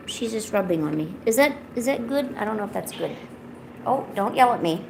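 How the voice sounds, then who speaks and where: Between asides to viewers on her casual home art live-stream, a woman coos sing-song baby talk at her cat. Her brisk, slightly high voice turns gravelly with fry at phrase endings, and a faint hiss runs beneath the recording.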